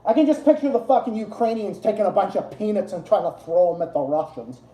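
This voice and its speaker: A man's voice: high-pitched, quick pace, lo-fi sound. A man hosting a casual livestream, rambling and swearing, often laughing at his own jokes. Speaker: livestream host. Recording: roomy echo.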